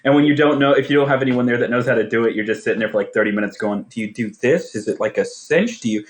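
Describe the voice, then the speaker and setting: A man co-hosting a livestream, telling stories in a laughing, animated way. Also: mid-range voice, fast talker. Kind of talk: casual chat.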